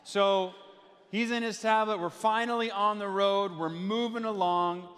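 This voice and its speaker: A man's voice: high voice, fairly even intonation, unhurried, fairly bright tone. A man in his thirties, a pastor giving a sermon to a live congregation, telling family stories with playful asides. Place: church sanctuary with live congregation. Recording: long hall reverb.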